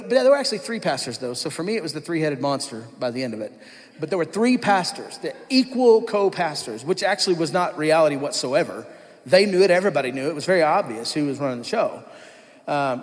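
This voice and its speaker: A man giving his testimony at church, telling his story candidly and acting out his past self. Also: fairly high pitch. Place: church hall. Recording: long hall reverb.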